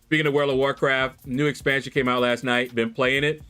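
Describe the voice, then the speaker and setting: Animated male streamer, chatty and laughing. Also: medium pitch, fairly quick, few pauses, clear, resonant tone. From Kentucky. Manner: animated storyteller, laughs, squeals in mock voices. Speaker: livestream host. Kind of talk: casual chat with viewers. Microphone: desk USB microphone. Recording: faint background music.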